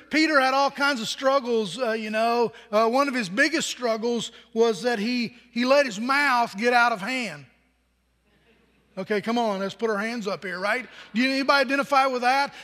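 A man's voice: very high-pitched, sharp tone, big-room sound. A man pastor preaching a sermon in a conversational way, asking the congregation questions.

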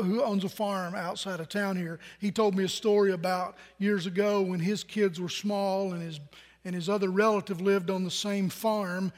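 A middle-aged male pastor with a notably high voice preaches in a conversational, storytelling way. He often turns to the congregation with questions. His words ring out with the long reverb of a church hall. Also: fairly bright tone. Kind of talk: sermon. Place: church sanctuary.

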